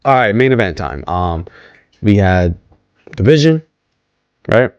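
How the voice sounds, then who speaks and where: A man's voice: fairly low pitch, very animated, a little slow, clear, resonant tone, no echo, highs cut off. A man casually recapping a wrestling show, rambling with many ums, restarts and questions to viewers. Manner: rambling, hesitant, many ums and self-corrections; asks viewers to comment.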